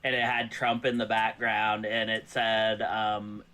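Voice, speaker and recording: A man's voice: fairly low pitch, level tone, unhurried, pushed and bright, a little hiss or hum. A man from the US South chatting casually as a guest, rambling loosely with many fillers. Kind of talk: casual chat.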